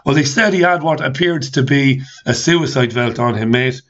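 Reading out listener comments, a talk show host launches into an angry, profane rant built on repeated rhetorical questions. His medium-pitched voice has a fairly bright tone at normal speed, though the audio is dull.

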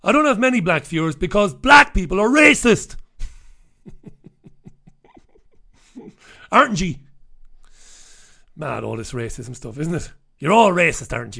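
A man's voice: fairly high pitch, lively intonation, measured pace, vocal fry, long pauses, pushed and bright. A man hosting a casual talk radio show, delivering a sardonic monologue with offhand asides and chuckles.

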